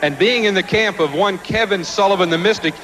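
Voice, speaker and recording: A man announcing on a wrestling TV show in a measured, matter-of-fact way. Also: high voice, fairly bright tone. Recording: noisy old TV recording.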